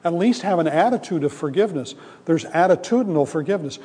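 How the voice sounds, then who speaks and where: A man's voice: on the high side, animated, fast, dark tone, husky. Man preaching in a reverberant hall. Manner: conversational storytelling, acts out voices in the parable. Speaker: pastor. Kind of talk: sermon.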